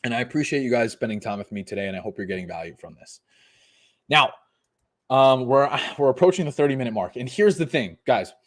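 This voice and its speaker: A man's voice: medium pitch, animated, fairly quick. Profane, fired-up young male fitness coach. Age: 20s. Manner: profane, emphatic motivational ranting. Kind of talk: live podcast rant.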